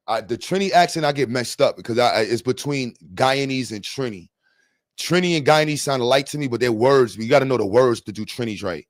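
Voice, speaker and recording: A man's voice: mid-range voice, a little fast, dry recording, studio quality. A man livestreaming, chatting loosely and profanely with his viewers and joking around. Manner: talks to his chat. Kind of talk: casual livestream chat.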